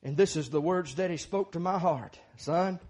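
A middle-aged man preaching a sermon, moving from quiet talk to fervent shouting. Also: on the high side, brisk.

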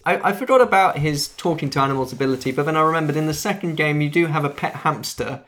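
A man co-hosting a podcast in casual chat reviewing a film, easygoing and quick with quips. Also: on the high side, a bit bright. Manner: easygoing, adds details and quips. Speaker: podcast co-host.

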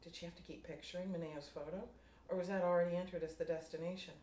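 Low-voiced woman reading her story. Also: steady tone, fast, mellow. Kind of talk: reading her own fiction aloud. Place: room at a writers' group meeting. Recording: roomy room, distant mic, faint noise.

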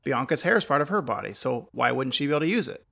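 A man's voice: medium pitch, fast, gravelly. A man co-hosting a casual chat while watching wrestling, telling stories and joking. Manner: joking, animated storyteller. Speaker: podcast co-host.

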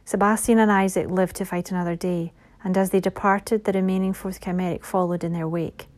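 A woman reads a fantasy novel aloud in a soft, measured voice. Her tone is mellow and rather dark. At times she drops into a hushed whisper. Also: fairly low pitch, steady tone. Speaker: audiobook narrator. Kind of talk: scripted fantasy narration.

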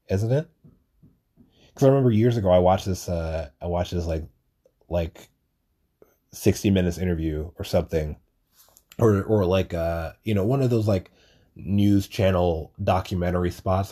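In a mellow voice that sits low, a young podcast host wanders through a relaxed solo monologue. He curses often and keeps poking fun at himself.

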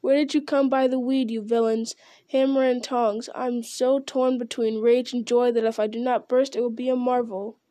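A woman's voice: fairly high pitch, steady tone, a little slow, few pauses, a little mellow. Gimli, a blustering hot-tempered dwarf, read by a woman. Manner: blustering, indignant.

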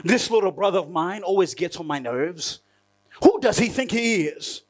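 Jealous bitter young man, voiced by a preacher in a sermon, resentful muttering, high male voice. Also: expressive, normal speed.

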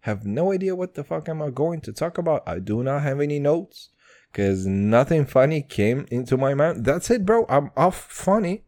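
A man's voice: a little high, expressive, normal speed, darkish tone. A man in his twenties hosting a podcast alone, talking in a profane, rambling, slang-heavy casual monologue. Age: 20s. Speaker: podcast host.

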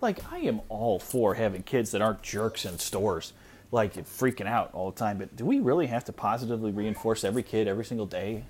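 A man's voice: fairly low pitch, lively intonation, fairly quick, a little mellow, husky. A man in his thirties hosting a solo podcast, ranting bluntly and with exasperation, with lots of "like" fillers, recorded at home with his small kids nearby. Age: 30s. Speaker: podcast host.

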